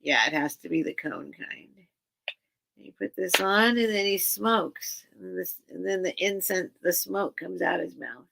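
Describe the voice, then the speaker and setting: Gravelly, bright-voiced woman chatting on a livestream. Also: on the low side, measured pace. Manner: rambling and earnest, many restarts. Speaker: livestream seller and host. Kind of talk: casual livestream chat with viewers.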